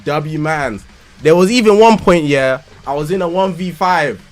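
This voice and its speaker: A young man with a London accent, telling stories casually on a live stream in a slangy, animated way. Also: on the high side, normal speed, faint music behind. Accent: London English. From England. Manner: animated, slangy, breaks into loud laughter.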